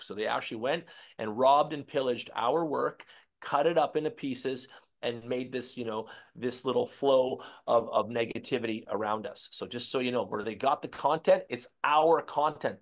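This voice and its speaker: Combative ranting man. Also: medium pitch. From Canada. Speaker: co-host. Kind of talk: heated online commentary.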